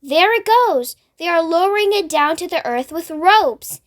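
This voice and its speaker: A woman's voice: very high voice, expressive, unhurried, voice pushed up. A woman voicing a brave, curious young boy in a storybook reading, talking eagerly. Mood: alarmed.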